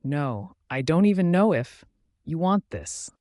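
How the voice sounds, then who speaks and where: A man voicing a young she-wolf woman, anxious and tender, speaking softly and pleadingly. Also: on the high side, very animated, measured pace, no echo, clean studio sound.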